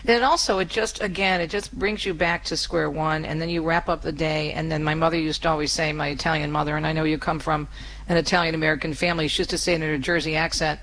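Low-voiced woman radio host. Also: fairly even intonation, fast talker, a bit bright, a little hiss or hum, low-quality recording. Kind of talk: radio talk show.

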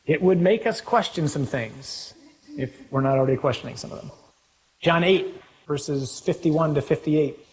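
A man preaching a sermon, reading scripture aloud with animated, rising emphasis. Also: a little high, normal speed, a little hiss or hum. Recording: long hall reverb.

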